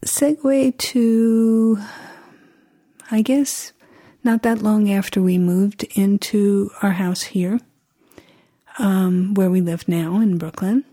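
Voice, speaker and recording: A woman's voice: medium pitch, steady tone, dark tone. Reflective woman telling a personal story. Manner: reflective, halting with restarts.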